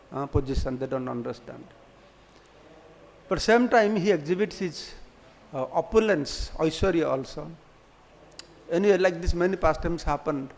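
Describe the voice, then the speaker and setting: A man's voice: fairly high pitch, creaky. A man giving a devotional class, telling stories and acting out the voices in them. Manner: storytelling, acting out quoted voices, often laughing. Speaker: monk giving a scripture class.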